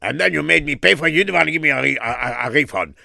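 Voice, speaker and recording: A man's voice: on the high side, rapid-fire, vocal fry, sharp tone, dry recording, studio quality, heavily acted. A man voicing an indignant male customer who was cheated and scolds the seller. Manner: scolding, dismissive.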